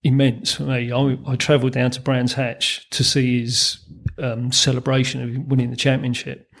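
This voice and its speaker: A gravelly-voiced man in his fifties, sharing long anecdotes as an interview guest. He chuckles as he talks and loops back with ums and false starts, a rough grain running under his ordinary mid-range voice. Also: mid-range voice, level tone, moderate pace, a bit bright. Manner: anecdotal, chuckles through his stories, many ums and restarts. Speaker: guest, former racing mechanic. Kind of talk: storytelling in a podcast interview.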